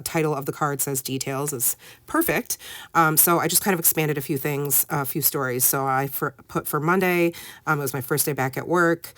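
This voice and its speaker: Chatty low-voiced woman vlogger. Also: no room sound. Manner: chatty, many fillers like "um" and "like". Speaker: scrapbooking vlogger. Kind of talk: casual voice-over while crafting.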